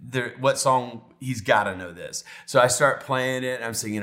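A middle-aged male pastor tells a personal story from the pulpit. His voice moves between animated, laughing storytelling and soft, hushed, tender moments. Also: medium pitch, normal speed, hardly any pauses. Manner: emotional, animated storytelling, drops to near whisper when tender. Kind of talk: sermon storytelling.

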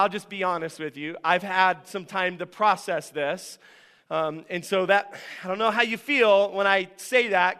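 A man preaching a sermon as a pastor in a church, conversational and animated, often asking the congregation questions. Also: high voice, clean tone, in a large hall. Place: church sanctuary.

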